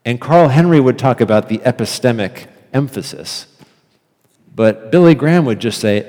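A man of ordinary pitch delivers a lecture with earnest emphasis, often hammering a phrase several times. His voice carries a long reverb from a large hall. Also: expressive, moderate pace, darkish tone. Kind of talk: evening lecture on theology.

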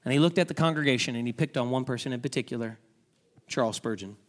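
A man's voice: mid-range voice, quick pace. A male pastor preaching a sermon, telling a story earnestly and putting direct questions to his listeners.

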